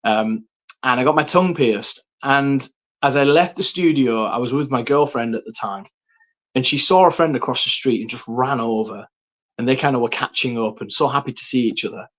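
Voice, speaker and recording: A man telling his personal faith story, earnest and reflective, with frequent pauses and ums. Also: medium pitch, fairly bright tone.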